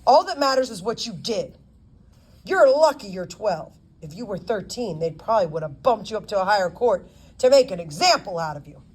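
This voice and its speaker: A woman voicing a gruff, sarcastic male public defender in an audiobook. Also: medium pitch, lively intonation, moderate pace, a little mellow. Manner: sarcastic, snappish.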